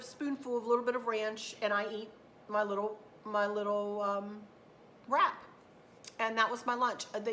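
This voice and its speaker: A middle-aged woman with a drawl chats off the cuff to her channel, looping back and repeating her words. Her voice sits at an ordinary middle pitch. A faint hum of room noise runs under her talk. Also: fairly bright tone. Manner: rambling, repeats herself, southern turns of phrase. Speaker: craft channel host. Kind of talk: unscripted casual vlog talk.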